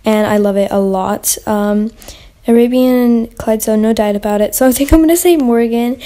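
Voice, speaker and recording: A woman's voice: a little high, moderate pace, dark tone. A young woman hosting a casual gaming Q&A vlog, chatty and rambling with lots of fillers and restarts. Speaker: channel host.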